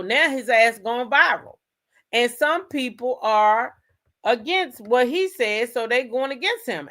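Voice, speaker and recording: A woman's voice: fairly high pitch, fairly bright tone. A woman hosting a commentary show, talking in a blunt, chatty way and swearing freely. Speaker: commentary channel host. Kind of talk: casual commentary.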